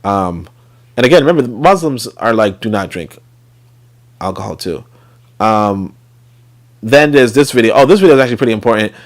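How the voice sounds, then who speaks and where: A man talks through his commentary in a loose, rambling way, full of fillers and restarts. His pitch is lively and swings up and down as he talks. It sounds like a casual stream. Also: a little fast, long pauses. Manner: rambling, many fillers, trails off. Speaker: host.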